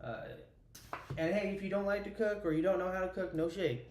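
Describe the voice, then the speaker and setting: A young man from Idaho cooks dinner live and talks to his chat in a loose, rambling way, with plenty of fillers. His voice sits a little high. The kitchen sounds echoey, and a loud air conditioner hums behind him. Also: fairly even intonation, brisk. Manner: chatty and rambling, lots of "like" and fillers. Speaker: cooking livestreamer. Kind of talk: casual live-stream chat while cooking. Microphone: camera mic, moving near and far. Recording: echoey kitchen with appliance noise.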